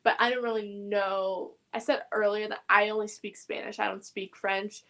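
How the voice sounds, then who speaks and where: A woman's voice: mid-range voice, level tone, moderate pace, pushed and bright. A young woman co-hosting a live stream, eagerly chatting and agreeing about theater. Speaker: co-host. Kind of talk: casual chat about theater news.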